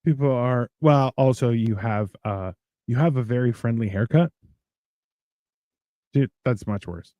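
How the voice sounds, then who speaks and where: A man co-hosting a casual podcast, telling stories with acted-out voices and deadpan, crude humor. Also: mid-range voice, unhurried, long pauses, no echo, highs cut off. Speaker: podcast co-host. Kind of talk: casual chat.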